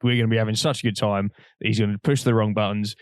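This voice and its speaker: A young man, co-hosting a podcast and telling rambling, animated stories while laughing often. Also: on the low side, very fast, clean tone, no room sound, studio quality. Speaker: podcast co-host. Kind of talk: casual storytelling chat.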